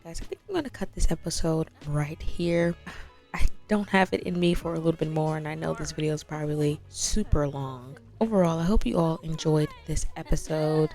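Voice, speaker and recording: A lively woman narrating her life-sim game in relaxed, casual commentary, full of slang and asides to her viewers. Her voice sits on the lower side, and faint music plays underneath. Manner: animated, slangy, addresses viewers as "y'all". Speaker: gaming channel host. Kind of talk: casual let's-play commentary. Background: faint background music.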